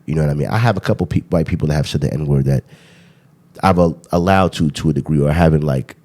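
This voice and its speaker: A man's voice: rumbling low, fast talker, darkish tone. A man hosting a podcast in casual chat, rambling with frequent laughs and fillers. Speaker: podcast host.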